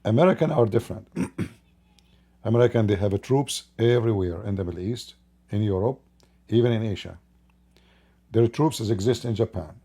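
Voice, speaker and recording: Male host, solo commentary into his own mic, low and mellow, insistent and repetitive. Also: measured pace, pauses often. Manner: emphatic, builds repetitive lists. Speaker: channel host commenting on politics. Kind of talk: unscripted commentary monologue. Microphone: own microphone.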